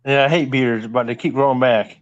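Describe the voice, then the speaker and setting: A man's voice: mid-range voice, steady tone, fairly quick, slight background noise. Offhand man on a dull, lo-fi line. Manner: brief, offhand replies. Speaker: call-in guest. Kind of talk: casual live chat. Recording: dull lo-fi call audio.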